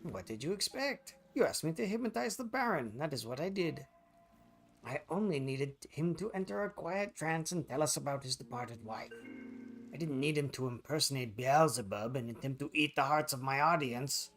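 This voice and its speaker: A man's voice: on the high side, lively intonation, normal speed, fairly bright tone, faint music behind. A man voicing a grand, pompous male hypnotist showman in a video game, with a light put-on French accent. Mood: indignant. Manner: pompous, theatrical.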